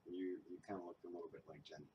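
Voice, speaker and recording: A man's voice: sits low, flat delivery, rapid-fire, highs cut off. A man and paranormal investigator in casual group chat, chiming in with short dry asides and chuckles. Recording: distant mic with faint noise.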